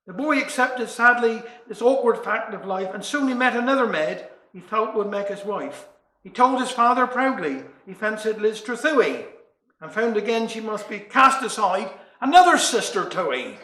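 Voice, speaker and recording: A man with a Cornish accent telling comic stories and dialect verse in a folksy, measured way. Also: sits high, expressive, sharp tone. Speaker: storyteller. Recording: echoey room.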